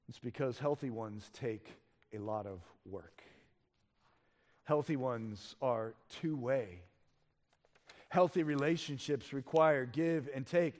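A fairly high-voiced man preaching with dynamic swings. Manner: dynamic preaching, swinging from loud emphatic passages to hushed low ones. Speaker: pastor. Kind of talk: sermon.

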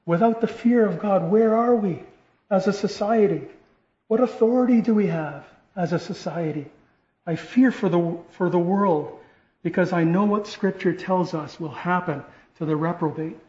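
A man's voice: high-pitched, moderate pace, dark tone. A man preaching a sermon, earnest, often restarting phrases and rising to stress key points. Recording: echoey room, dull lo-fi sound.

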